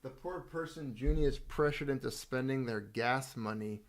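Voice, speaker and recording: A man's voice: mid-range voice, normal speed. A man hosting his channel's livestream, chatting casually and rambling with many restarts. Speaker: channel host.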